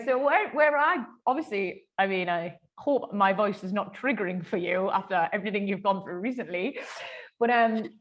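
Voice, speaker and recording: A bubbly woman hosts a relaxed podcast chat. She swears freely and breaks into loud, high laughter. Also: normal speed. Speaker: podcast host. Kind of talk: casual chat.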